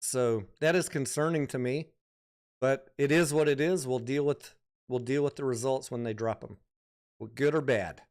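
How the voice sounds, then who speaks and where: A middle-aged man casually commenting on stocks during a livestream, thinking out loud and reading viewer comments aloud. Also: mid-range voice, moderate pace, smooth. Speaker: stock market livestream host.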